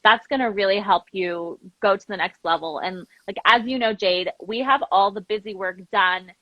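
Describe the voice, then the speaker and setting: A woman founder of a language program, a guest telling stories in an animated, chatty way with lots of fillers. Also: medium pitch, no room sound, dull audio. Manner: animated, quick storytelling with lots of "like". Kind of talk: casual interview chat.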